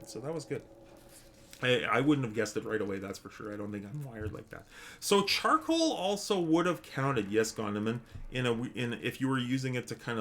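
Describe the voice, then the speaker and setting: A man's voice: lowish voice, fairly bright tone, slight background noise. A man streaming a game, chatting casually with viewers in a rambling, hesitant way with many restarts. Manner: chatty with viewers, reads chat aloud. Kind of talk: casual live-stream chat.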